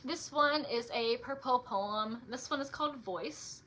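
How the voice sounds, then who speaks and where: A young woman chatting casually and reading her own poems aloud on a livestream, with lots of "like" fillers between softer, quieter poem readings. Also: a little high, a little slow, hardly any pauses, a little hiss or hum. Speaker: author reading her poetry.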